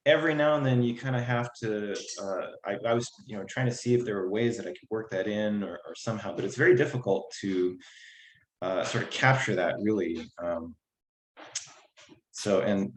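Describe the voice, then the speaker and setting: A man from the cast talks through a question on a video call, stopping and restarting often. His voice sits at a middling pitch and rings in a roomy space. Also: a little hiss or hum. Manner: halting, many restarts and fillers, imitates relatives' lilting tone. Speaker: actor in the cast.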